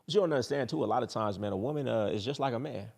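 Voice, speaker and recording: A man's voice: medium pitch, racing, gravelly, a little mellow, slight background noise. A man hosting a dating advice talk in a casual monologue, blunt, boastful and profane, who repeats his points for emphasis.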